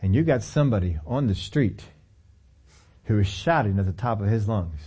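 A man's voice: on the low side, expressive, moderate pace, dark tone, breathy edge. A man preaching a sermon in a conversational way, acting out lines of scripture dialogue as he tells the story.

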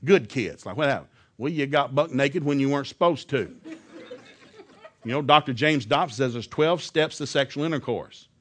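A man who preaches by telling stories and acting out the quoted lines loudly. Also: medium pitch, normal speed. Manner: animated, acts out quotes loudly. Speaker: preacher and former school teacher. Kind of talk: storytelling sermon.

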